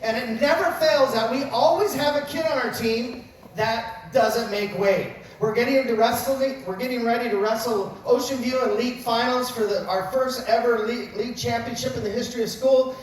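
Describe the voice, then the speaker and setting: A man's voice: extremely high pitch, normal speed. A man in his fifties, a wrestling coach, telling funny self-mocking stories in an after-dinner speech. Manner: joking storyteller with self-mocking asides. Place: large banquet hall at a dinner event. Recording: very echoey hall recorded from far off, faint noise.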